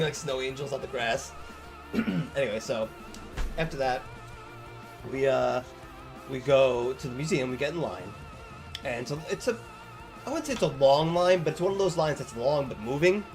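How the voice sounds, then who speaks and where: A man's voice: a little high, normal speed, over music. A young man casually telling a long story on stream, rambling and swearing a lot, acting out the lines of the people in it.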